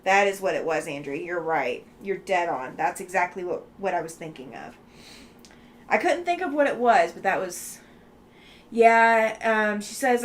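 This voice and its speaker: A woman hosting a relaxed quilting live stream, chatting with viewers and thinking aloud with lots of ums and likes. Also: medium pitch, unhurried, a little hiss or hum. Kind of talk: casual live-stream chat, reading viewer comments.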